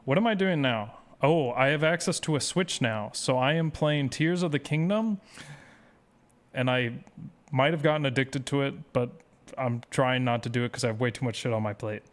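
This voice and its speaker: Smooth-voiced man chatting with stream viewers. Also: medium pitch, moderate pace. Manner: rambling, self-deprecating, reads chat aloud. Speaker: speedrun streamer. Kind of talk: casual live-stream chat with viewers.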